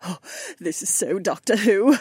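A blunt, excitable young woman soldier with a slightly husky voice, played by a male narrator. She speaks at a middle pitch in a dry, close recording, with no room sound. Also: measured pace, dry recording, heavily acted. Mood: eager.

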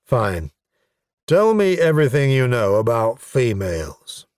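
A man's voice: mid-range voice, very animated, unhurried, a little mellow, no room sound. A man reading a story aloud, voicing a blunt, self-satisfied male goblin leader in a dry, matter-of-fact way. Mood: deadpan. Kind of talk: audiobook character voice.

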